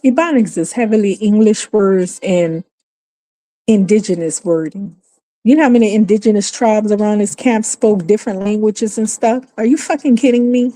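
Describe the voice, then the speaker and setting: Woman, New Orleans accent, emphatic, exasperated, swears freely, dark mellow tone. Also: mid-range voice, moderate pace. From New Orleans, USA. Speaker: livestream host. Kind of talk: casual opinionated livestream talk.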